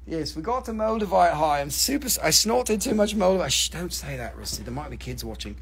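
High-voiced man hawking crystals live. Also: very animated, brisk, husky. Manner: joking, profane, rambling. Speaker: livestream crystal seller. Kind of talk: casual live-sale patter.

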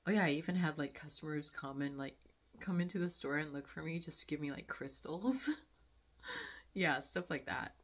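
A woman's voice: low voice, normal speed. A young woman vlogging to camera in a casual, rambling way, full of fillers and reflective asides. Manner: chatty, frequent fillers, laughs often, reflective.

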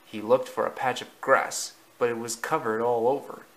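A man narrating a storybook slowly and deliberately, with small slips in the reading. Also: medium pitch, level tone, a bit bright, rough recording.

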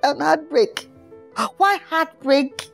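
A woman's voice: high voice, takes it slowly, creaky, faint music behind, full character voice. A woman with a Nigerian accent playing a showy, heartbroken male pop musician in a comedy skit, dramatic and repetitive. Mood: distraught. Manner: dramatic, repeats itself, wailing. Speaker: comic actor.

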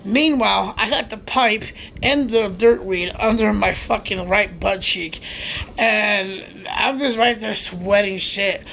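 A man's voice: high voice, slow pace, vocal fry, pushed and bright, a little hiss or hum. A man from the United States telling a rambling, profane story in a casual way, laughing as he goes.

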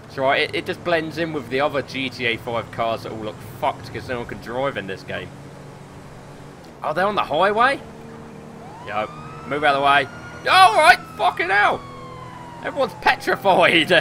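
A man with a British accent commentating on his gameplay, excitable, swearing a lot and laughing often. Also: a little high, slight background noise. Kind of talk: casual let's play commentary.

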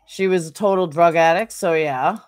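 A woman's voice: lowish voice, moderate pace. A woman streaming a game, chatting casually and answering viewers by name. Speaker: game streamer reading chat. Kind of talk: casual chat while gaming.

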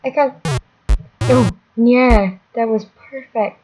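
Taking her time, a woman with a mid-range voice talks through her let's-play as a gaming channel host. She mutters, makes fun of herself and lets out sudden exclamations while loud electronic music plays behind, and the recording is low quality.

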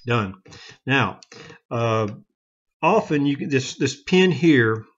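Hobbyist man, mid-pitch, casual halting how-to delivery, slightly muffled recording with metal clicks behind. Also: animated. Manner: plain-spoken, halting, frequent restarts and self-corrections. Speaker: gun hobbyist demonstrating revolver repair.

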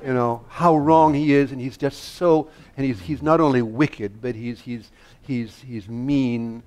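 On a public stage, an older American man who works as a guest conductor and harpsichordist trades anecdotes in a mid-range voice. He's animated, laughs a lot, and stumbles over his own restarts, warming up before the audience like a guest settling in. His pace is unhurried with few pauses.

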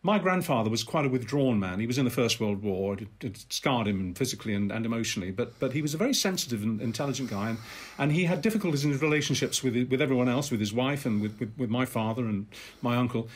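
Older male guest, raspy, rapid, very expressive storyteller with halting restarts. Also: mid-range voice. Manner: animated, halting restarts, acts out voices. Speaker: podcast guest. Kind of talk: anecdotal storytelling.

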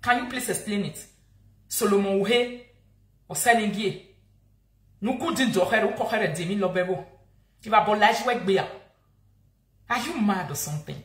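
In an echoey room, a Nigerian-accented woman rants on live video, hurling insults and scolding someone over and over in anger. She speaks at a normal speed and medium pitch, pausing often.

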